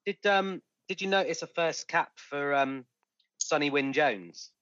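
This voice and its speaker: A man talks rugby on a podcast, relaxed and a bit hesitant. The recording is dry with no room sound, and dull. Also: a little high, unhurried, dry recording. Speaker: podcast co-host. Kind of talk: casual sports chat.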